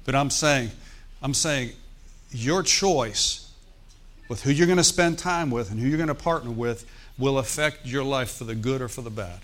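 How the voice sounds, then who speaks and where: A man's voice: medium pitch, normal speed, fairly bright tone. Man preaching a sermon. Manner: storytelling preacher, rising to emphatic exhortation. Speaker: pastor.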